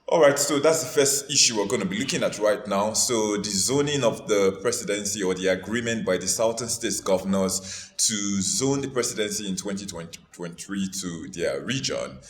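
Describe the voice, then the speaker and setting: A man hosting a political talk show, speaking in a measured, hesitant way with fillers. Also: on the low side. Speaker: host. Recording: echoey room, faint noise.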